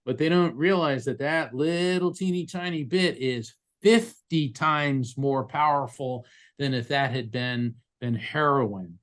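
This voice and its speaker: A man appearing as a guest, a psychic medium, talking earnestly and telling animated stories in a conversational interview. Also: on the high side, a little slow.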